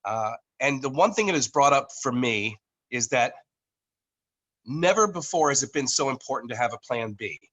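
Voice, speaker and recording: A man talks through a video-call microphone in a bright, forward voice. He speaks haltingly, full of fillers and restarts, and now and then coughs from allergies. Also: medium pitch, lively intonation, rough recording. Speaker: network marketing leader presenting to a team. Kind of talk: online business meeting presentation. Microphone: computer microphone on a video call.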